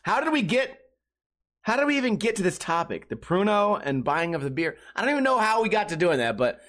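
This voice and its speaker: A man's voice: high-pitched, sing-song, fairly quick, a bit bright. A man hosting a podcast in casual chat, rambling, laughing between thoughts and restarting sentences. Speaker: podcast host.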